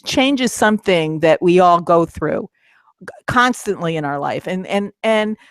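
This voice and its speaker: A woman's voice: lowish voice, animated, a little slow, clear, resonant tone, no room sound. A middle-aged woman co-hosting a casual talk, chatty, with many restarts and fillers. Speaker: co-host, midlife coach. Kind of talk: casual chat.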